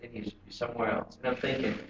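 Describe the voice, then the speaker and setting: A man in a men's Bible group sharing his thoughts casually, thinking out loud in a reflective way. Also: mid-range voice, steady tone, fast, noisy background. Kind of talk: casual testimony. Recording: far-off echoey lo-fi room recording.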